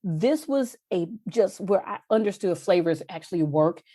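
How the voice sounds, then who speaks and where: Woman, middle-aged, kinda low voice, tells stories with feeling, pitch jumps when excited, dry close mic. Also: moderate pace, no echo. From Texas. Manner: expressive, swings up in pitch when animated. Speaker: podcast guest, wine journalist. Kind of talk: emotional storytelling interview.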